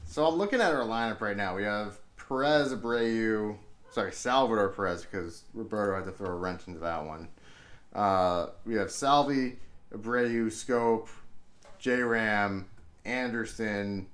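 A man co-hosting a casual sports podcast, thinking aloud in a relaxed way. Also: lowish voice, measured pace. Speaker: podcast co-host.

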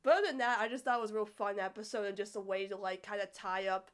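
A young woman in casual chat about a cartoon episode, ranting in an animated, exasperated way and filling her talk with "like". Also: medium pitch, quick pace. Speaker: podcast co-host reviewing a cartoon.

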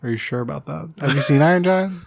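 A man's voice: fairly high pitch, fast, gravelly, no room sound. A man co-hosting a podcast in casual chat, playful and argumentative, swearing now and then. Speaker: podcast co-host.

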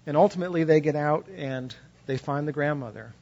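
A male preacher with a fairly high voice delivers a passionate sermon, swinging between loud emphasis and quiet, hushed points. He drives his ideas home through repetition and storytelling. The recording is dull and lo-fi. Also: a little fast. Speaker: pastor.

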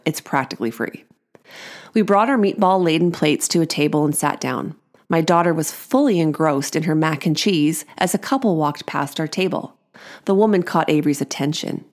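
Wry, self-amused woman podcast host. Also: fairly low pitch. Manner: self-amused, laughs at her own jokes; wry, chatty asides to the listener. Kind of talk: reading a personal parenting story aloud.

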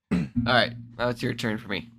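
A man co-hosting a podcast, chatting in relaxed, joking banter. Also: medium pitch, normal speed, noisy background. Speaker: podcast co-host. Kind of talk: casual chat.

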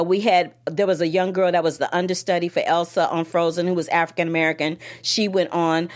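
Brief: woman critic host, lower pitch, animated, direct to camera, casual. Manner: emphatic, animated, talks straight to the audience. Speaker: film critic show host. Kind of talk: casual chat, sign-off to viewers.

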